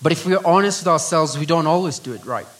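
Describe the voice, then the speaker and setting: A middle-aged Kenyan man preaching a sermon with an earnest delivery, often dropping to a hushed voice on key phrases. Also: a little high, quick pace, low-quality recording. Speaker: pastor.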